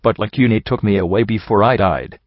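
Remorseful unicorn mare voiced by a man, soft, low voice, dry muffled recording. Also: moderate pace, no room sound, natural voice. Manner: soft, subdued, confessional. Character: guilt-ridden female unicorn pony, weary and remorseful.

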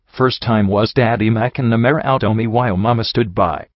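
A man's voice: on the low side, normal speed, dry recording, natural voice. A man voicing a bitter, injured young female pony who talks in blunt, folksy backwoods grammar, in a dull, slightly muffled recording.

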